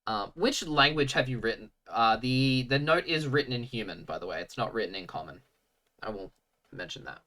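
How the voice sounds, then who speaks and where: A man narrating as game master of a tabletop game, halting and full of fillers. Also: mid-range voice, expressive, sharp tone, far from the mic.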